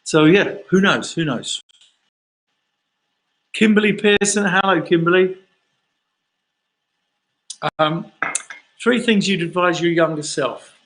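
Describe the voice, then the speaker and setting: Man, slightly higher voice, chatty, rambling, casual livestream Q&A. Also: slow, pauses often, fairly bright tone, rough recording. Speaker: singer answering fan questions.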